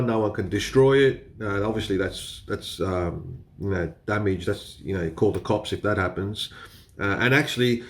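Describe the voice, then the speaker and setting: Laid-back Australian man, slightly low voice. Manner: chatty, laughs often, mild swearing. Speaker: photography vlogger. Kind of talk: casual explainer talk to camera.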